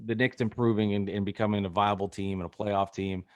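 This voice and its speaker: A man's voice: on the low side, level tone, brisk, lo-fi sound. A man co-hosting a sports podcast in casual chat, earnest and prone to stammering restarts. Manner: earnest, stammers and repeats words. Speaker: podcast co-host.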